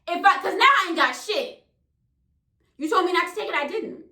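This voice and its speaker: A woman's voice: extremely high pitch, lively intonation, normal speed, long pauses, sharp tone. A young woman venting casually to camera, exasperated and profane. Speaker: vlogger. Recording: roomy echo.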